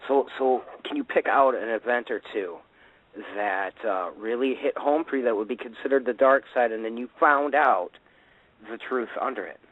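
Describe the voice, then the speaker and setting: Halting male host on a tinny line. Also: mid-range voice, no room sound. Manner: halting, restarts his questions. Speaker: podcast host. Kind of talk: interviewing a guest. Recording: tinny, dry phone-line audio.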